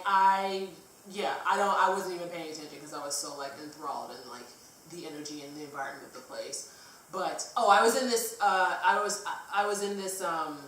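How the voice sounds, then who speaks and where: A woman's voice: on the low side, a bit bright, a little hiss or hum. Woman rambling a story, echoey room. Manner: rambling, many fillers, casual swearing. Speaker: vlogger. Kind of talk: casual storytelling. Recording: echoey room, distant mic.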